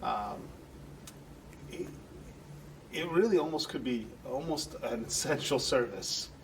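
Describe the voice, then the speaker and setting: A man's voice: mid-range voice, expressive, takes it slowly, far from the mic, noisy background. A man guest in an interview, telling earnest, rambling stories and acting out the people he quotes. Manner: earnest, rambling storyteller who acts out quoted voices. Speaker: guest, entertainment center manager. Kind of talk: conversational storytelling interview.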